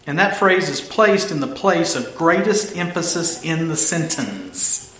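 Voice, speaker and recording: A man's voice: a little high, big pitch swings, unhurried, a bit bright, echoey room. A man preaching a sermon, stressing and repeating his key phrases with emphasis.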